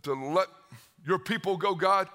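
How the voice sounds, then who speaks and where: A male preacher acting out an anxious Moses, a grown man who stammers and pleads in short, broken phrases. His voice is bright and pushed a little higher than usual. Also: measured pace. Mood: pleading.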